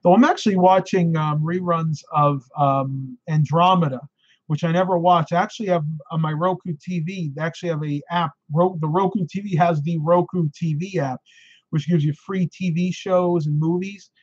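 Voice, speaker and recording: A man's voice: fairly high pitch, steady tone, normal speed, dry recording, muffled recording. A man hosting a live stream, chatting casually and answering viewer questions, tired and losing his voice, with frequent ums and laughs.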